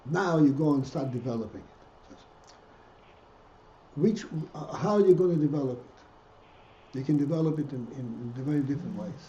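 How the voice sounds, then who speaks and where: Halting male rabbi in an echoey room. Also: mid-range voice, warm tone. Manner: halting, frequent restarts, rhetorical questions. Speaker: rabbi teaching a class. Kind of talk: Hasidic text lesson. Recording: dull, echoey room, faint noise.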